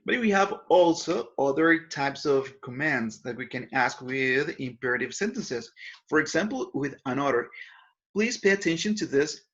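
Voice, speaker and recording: A man's voice: medium pitch, fairly bright tone, muffled recording. A man teaching English grammar in a recorded lesson. He explains patiently and often corrects himself mid-sentence.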